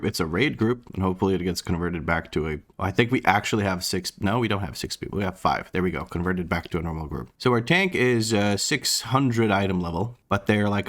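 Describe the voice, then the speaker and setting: Tired, rambling young man with a deep voice. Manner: rambling, self-deprecating, searches for words. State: tired, low energy. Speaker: gaming YouTuber. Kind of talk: casual gameplay commentary.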